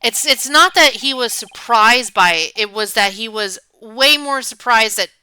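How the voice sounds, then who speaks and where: A woman streaming a game, chatting casually and thinking out loud, animated and swearing often. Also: a little high, measured pace, smooth, no echo.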